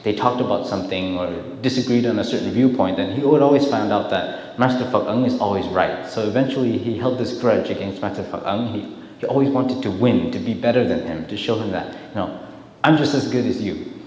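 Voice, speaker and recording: Low-voiced man telling temple stories. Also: brisk. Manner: storytelling, warm-hearted, repeats words. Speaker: dharma speaker. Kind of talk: dharma talk with storytelling. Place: temple hall. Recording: echoey hall, faint hiss.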